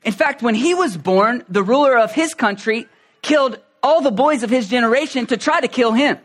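A man delivers a sermon in a high voice. He talks in a conversational way, with fillers and restarts, then builds to loud, emphatic preaching. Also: moderate pace.

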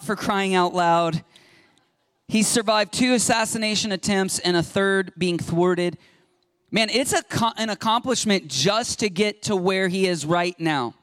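Man, pastor, sermon, fairly high voice, dry sound, storytelling tone. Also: a bit bright, no echo. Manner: storytelling, chatty asides to the congregation. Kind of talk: conversational sermon.

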